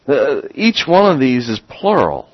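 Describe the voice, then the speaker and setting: A man preaching a sermon as a pastor, getting excited and repeating words as he builds up. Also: medium pitch, unhurried, breathy edge, no room sound, highs cut off.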